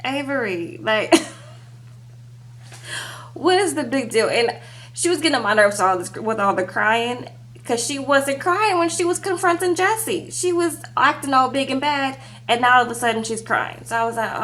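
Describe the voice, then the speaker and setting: A woman's voice: high voice, normal speed. A young woman recapping reality TV in a casual, sassy, gossipy way, peppering her talk with "like" and "okay". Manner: animated, sassy, heavy use of "like" and "okay".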